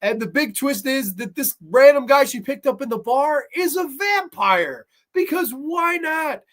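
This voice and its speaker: A man casually reviewing a horror series episode, rambling and excitable, swearing freely as he recounts the plot. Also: very high-pitched, measured pace.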